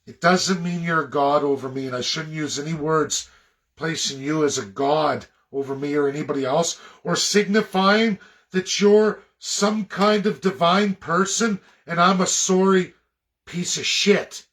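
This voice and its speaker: Man, from Canada, preachy, lecturing, loud bursts and low mutters. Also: a little slow. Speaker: political commentator. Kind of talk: impassioned monologue.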